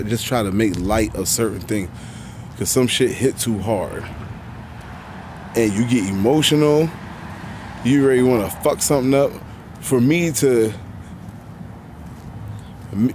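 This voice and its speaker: A man's voice: medium pitch, a little mellow, a little hiss or hum. A man giving blunt, heavily profane, unscripted reaction commentary while live streaming about a video clip.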